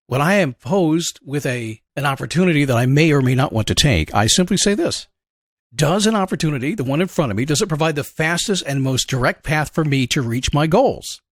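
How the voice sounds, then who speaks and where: A man hosting a motivational show, talking in an energetic, conversational way and acting out questions and a dog's thoughts. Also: fairly high pitch, no echo, clean studio sound. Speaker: motivational coach and podcast host. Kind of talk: upbeat motivational monologue.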